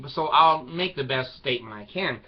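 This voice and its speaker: A man's voice: a little high, animated, normal speed. A man talking to camera in a loose, rambling monologue, wry and irreverent in tone. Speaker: video blogger. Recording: slightly dull lo-fi recording.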